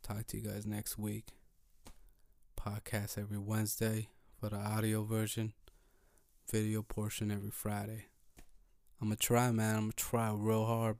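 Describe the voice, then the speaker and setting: A man hosting his own podcast, talking slowly and calmly while thinking aloud, in a laid-back, low-energy way. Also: creaky, no echo, clean studio sound. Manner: slow, calm, thinking aloud. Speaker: podcast host. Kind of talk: solo motivational podcast talk.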